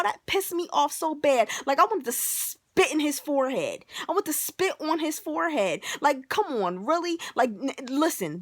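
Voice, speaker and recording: A woman vlogger ranting to camera, animated and emphatic, with plenty of profanity and repeated "like". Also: high-pitched, no echo, studio quality.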